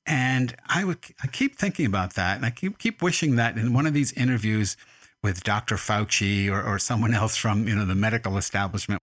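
A man interviewing an author in a calm, thoughtful manner, at times reading quotes aloud. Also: medium pitch, no room sound. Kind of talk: radio interview.

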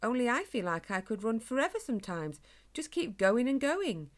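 A woman's voice: fairly high pitch, sing-song, normal speed, voice pushed up. A woman voicing a young hedgehog boy who loves running, earnest and a bit timid. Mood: eager. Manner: earnest, hopeful, a little timid.

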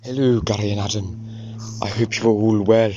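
Hoarse, somewhat low-voiced man, polite formal listener message. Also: flat delivery, moderate pace, mellow, no echo, dull audio. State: hoarse from illness. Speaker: listener sending an audio clip. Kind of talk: recorded voice message review.

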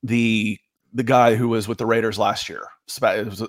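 A man's voice: lowish voice, normal speed, no echo, studio quality. Rambling male sports commentator. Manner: rambling, restarts, animated opinions. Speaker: sports talk co-host and writer. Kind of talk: casual sports chat.

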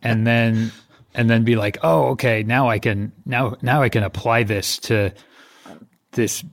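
A middle-aged man co-hosting a comedy podcast, deadpan and playfully literal. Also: mid-range voice, a little slow, gravelly, no room sound, clean studio sound. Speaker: podcast co-host. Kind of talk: improvised comedy podcast chat.

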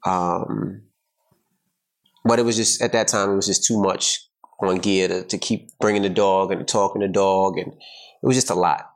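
A man's voice: low voice, fairly even intonation, normal speed. A man co-hosting a podcast in casual chat, laid-back and blunt, telling stories with animation. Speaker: podcast co-host.

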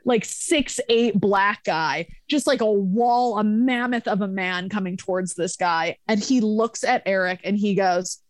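A woman's voice: mid-range voice, measured pace, few pauses, no room sound. A young woman recounts a night from her bar-manager days in loose podcast chat. She swears freely and acts out every quoted voice. The sound is dry and close. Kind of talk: casual podcast storytelling.

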